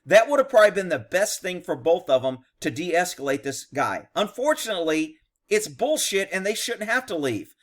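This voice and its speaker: A man's voice: high-pitched, sing-song, normal speed. A man, a former police officer, giving blunt, profane, indignant commentary on a video. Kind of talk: reaction commentary.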